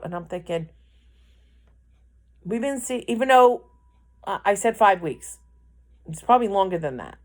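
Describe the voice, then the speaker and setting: A woman telling a personal story out loud. Her delivery is emotional and rambling, with frequent false starts and repeated words as she works through what happened. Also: medium pitch, lively intonation, moderate pace, long pauses.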